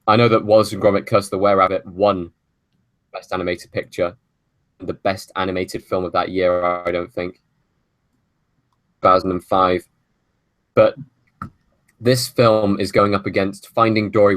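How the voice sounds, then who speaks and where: Low, flat-toned man reviewing films. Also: no echo. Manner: opinionated, long measured arguments. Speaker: podcast host. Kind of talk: casual film review chat.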